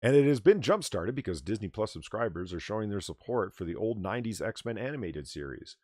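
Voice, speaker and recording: A man's voice: lowish voice, sing-song, fairly quick, a little mellow, no room sound, studio quality. A man hosting a casual livestream chat, ranting sarcastically and swearing freely. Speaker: podcast host.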